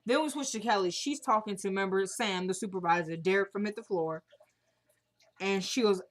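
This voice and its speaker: A woman's voice: medium pitch, brisk. Woman doing a chatty tv recap, mid voice, acts out the lines as she tells it. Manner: chatty, animated retelling that acts out the characters' lines. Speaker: TV recap vlogger. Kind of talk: casual episode recap.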